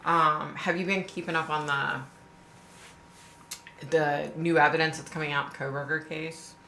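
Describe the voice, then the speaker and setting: A woman's voice: low-pitched, steady tone, normal speed, bright, forceful tone, roomy sound, slight background noise. A woman hosting a live stream, talking casually and emphatically straight to her viewers. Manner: chatty and emphatic, addresses viewers directly. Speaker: livestream host.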